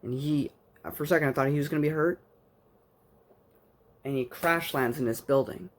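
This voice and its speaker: A man's voice: fairly high pitch, normal speed. A man giving a casual spoken book review, rambling like an enthusiastic fan with plenty of fillers.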